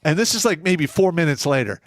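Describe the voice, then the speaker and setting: Profane storytelling ex-soldier, lively pitch. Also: male voice, fairly quick, no echo, studio quality. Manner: profane, animated storytelling with loud outbursts. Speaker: co-host; former first sergeant. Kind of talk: casual podcast chat.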